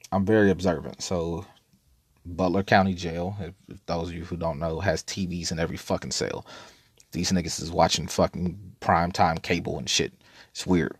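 A man with a deep, low voice tells a story in a loose, laid-back way, swearing freely and rambling between asides. The sound is dry and close, with no room around it. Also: husky, dry recording. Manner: laid-back, profane, rambling with frequent laughs. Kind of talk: casual storytelling monologue.

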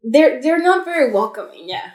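With a high voice, lively intonation and a darkish tone, a young adult woman co-hosts a podcast at a moderate pace. Her storytelling is chatty, packed with fillers and restarts. The room sounds echoey.

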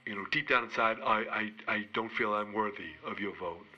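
A man co-hosting a podcast, giving a rambling, self-mocking comedic monologue of wrestling picks with halting restarts. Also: fairly low pitch, muffled recording.

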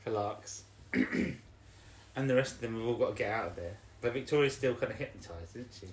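A man's voice: mid-range voice, brisk, echoey room. A man co-hosting a casual podcast, rambling and hesitant, with plenty of fillers and jokey asides. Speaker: podcast co-host. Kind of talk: casual chat.

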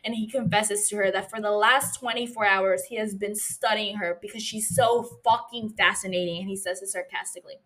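A woman podcast host recapping a TV episode in casual chat, reacting with lively, profane outbursts. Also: medium pitch, a little fast, hardly any pauses. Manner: animated, profane, gushing reactions.

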